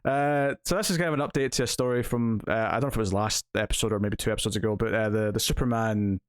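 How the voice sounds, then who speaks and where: A man's voice: fairly low pitch, steady tone, fast talker, smooth, dry recording, studio quality. A man hosting a casual TV news podcast, chatting with lots of fillers and frequent laughter. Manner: laughs often, filler-heavy rambling. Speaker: podcast host. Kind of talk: casual chat.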